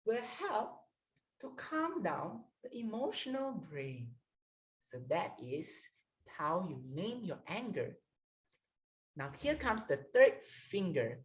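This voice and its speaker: A woman coach talks slowly and patiently, leading listeners through calming steps. Her voice sits a little low, but her pitch moves up and down a great deal. She sounds like she is teaching and guiding. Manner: slow, guiding, leads breathing exercises. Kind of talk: instructional talk.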